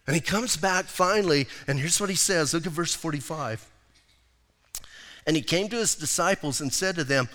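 Male pastor, casual and animated sermon, bright and forceful tone, recorded with echoing hall reverb. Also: on the high side, normal speed. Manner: casual, animated preaching with acted-out quotes. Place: church sanctuary.

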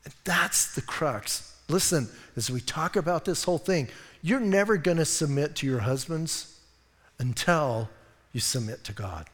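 A man preaching a sermon as pastor, lively and acting out voices from the story. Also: on the high side, measured pace, big-room sound. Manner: animated, acts out voices of people in the story. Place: church hall.

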